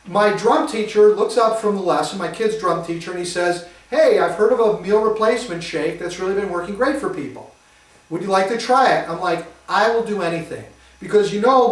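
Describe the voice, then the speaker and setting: A middle-aged man from Detroit, telling his own story to a live audience in an animated, self-mocking way. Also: sits high. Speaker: speaker giving a testimony. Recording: roomy echo, mic at a distance.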